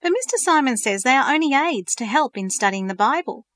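A woman's voice: sits high, lively intonation, a little fast, fairly bright tone, voice pushed up. A woman voicing an earnest, thoughtful teenage girl in a storybook reading, asking pointed questions.

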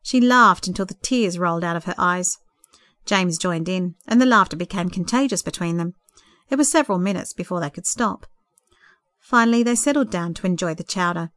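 Woman gently reading a story aloud. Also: lowish voice, a little fast, dry recording, clean studio sound. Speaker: narrator. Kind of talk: storybook narration.

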